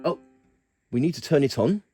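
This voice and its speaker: A man giving a casual keyboard tutorial, talking haltingly and often stopping to correct himself. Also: medium pitch, animated. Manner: halting, stops to correct himself mid-sentence. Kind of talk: casual demonstration walkthrough. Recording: loud keyboard music over the voice. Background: keyboard sounds being demonstrated.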